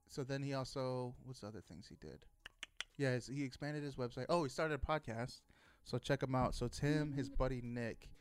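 A man's voice: medium pitch, a little mellow, clean tone. A man talking casually on a podcast, telling a rambling story full of fillers, restarts and swearing. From Texas. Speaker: podcast host.

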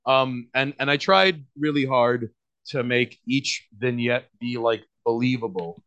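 A man's voice: mid-range voice, unhurried, a bit bright, lo-fi sound. A man with a New York accent, a guest on a podcast, talking casually in a rambling way. He leans on fillers, restarts and lots of swearing.

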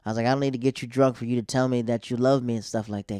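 A man's voice: medium pitch, fairly even intonation, rapid-fire, warm tone, dry recording, studio quality. A man in his thirties, a stand-up comedian, telling stories in a loose, slangy, rambling way with many fillers. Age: 30s. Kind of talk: casual storytelling monologue.

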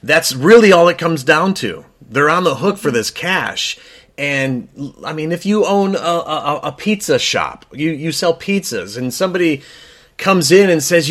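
A man co-hosting an opinion talk show in a casual chat, talking emphatically and rising in pitch when he gets worked up. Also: animated, measured pace, fairly bright tone. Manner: frequent fillers and restarts. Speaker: co-host.

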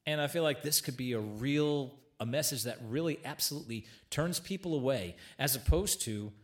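A man's voice: medium pitch, moderate pace. A man co-hosting a casual church chat, earnest, restarting his words, with dry quips. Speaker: co-host.

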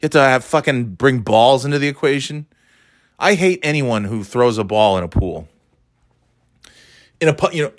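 A man's voice: medium pitch, lively intonation, normal speed, no echo, clean studio sound. A middle-aged man telling a story in a casual monologue, swearing often in a sardonic, ranting way.

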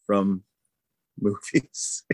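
A man's voice: on the low side, fairly even intonation, drawn-out words, darkish tone, dry recording. A man co-hosting a podcast, chatting casually and rambling with many fillers. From Boston area. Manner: rambling, lots of "like" and "you know". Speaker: podcast co-host. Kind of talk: casual chat.

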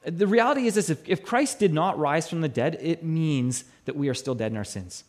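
A male pastor preaches with a high, animated, brisk voice, hammering his points home by repeating key phrases. His voice swells on the important lines and drops to a low hush for the solemn ones, and he often restarts with stammered repeats.

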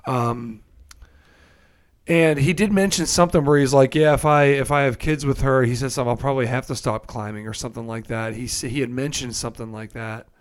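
A man with a mid-pitched voice in a casual conversation. He talks hesitantly and trails off as he thinks aloud. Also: a little fast. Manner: hesitant, full of fillers and restarts. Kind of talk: casual chat.

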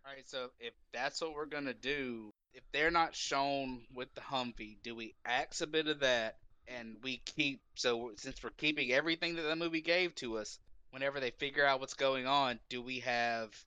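A man co-hosting a podcast in casual chat, animated and blunt, swearing freely. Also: medium pitch, normal speed, clear, resonant tone, no echo, lo-fi sound. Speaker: podcast co-host.

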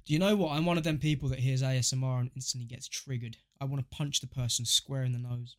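A man's voice: medium pitch, quick pace. A young man co-hosting a casual podcast, joking and telling stories with a bit of swearing. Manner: joking, swearing, animated storytelling. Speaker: podcast co-host.

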